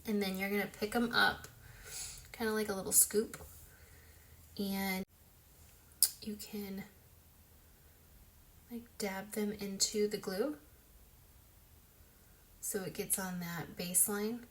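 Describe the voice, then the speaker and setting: A woman talking through a casual makeup tutorial in a loose, chatty way, full of fillers, sometimes dropping to a soft whisper as she works. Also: medium pitch, steady tone, slow, long pauses. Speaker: beauty vlogger.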